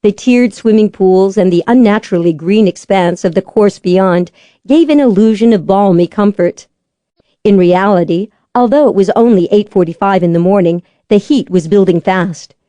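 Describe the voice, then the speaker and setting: Female audiobook narrator, measured and even; mellow voice, dry studio sound. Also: mid-range voice, no echo.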